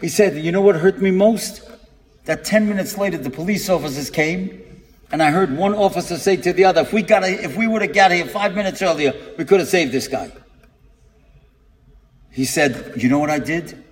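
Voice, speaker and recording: A man with a high voice preaches a story to a gathered audience. He tells it dramatically and acts out the people he quotes. The sound carries a long reverb from a large hall. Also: moderate pace. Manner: dramatic storyteller, acting out quotes and building to emphatic peaks. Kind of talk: storytelling sermon.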